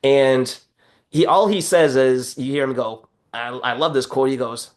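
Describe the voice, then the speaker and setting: A man co-hosting a podcast in casual chat, telling stories with animated energy, acting out quotes and swearing freely. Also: medium pitch, measured pace. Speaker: podcast co-host.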